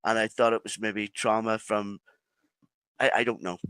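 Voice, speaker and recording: A man with an Irish accent, a podcast guest telling a personal story in halting phrases with many restarts. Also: on the low side, fairly even intonation, fairly bright tone, clean tone, no echo. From Ireland.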